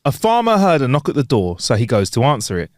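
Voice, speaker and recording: A man co-hosting a casual podcast, telling jokes, quick to laugh and to apologize. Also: medium pitch, wildly swooping pitch, no echo, studio quality. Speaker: podcast co-host.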